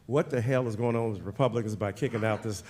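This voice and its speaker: A man interviewing a guest on stage at an author event, animated and jokey, his voice jumping from loud bursts to quiet asides. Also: fairly low pitch, quick pace, a little hiss or hum. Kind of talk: lively on-stage conversation.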